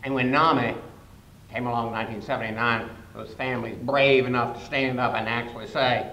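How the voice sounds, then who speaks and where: Older man telling stories in an echoey hall. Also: normal speed. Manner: animated storyteller with sudden loud jumps. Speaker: conference guest speaker. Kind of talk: humorous storytelling speech. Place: conference hall. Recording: echoey hall with faint rumble.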